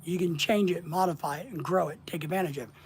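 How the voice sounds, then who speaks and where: A man's voice: a little high, quick pace, a little hiss or hum. A middle-aged man with a slight Southern accent coaches viewers through a casual livestream lesson. He talks in a rambling, plainspoken, conversational way. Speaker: online business coach.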